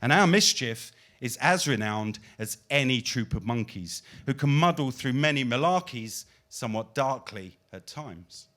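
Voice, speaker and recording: A man performing his own spoken-word poetry as a guest, reciting dramatically with big swings between loud and soft. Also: medium pitch, animated, a little slow, few pauses. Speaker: guest poet.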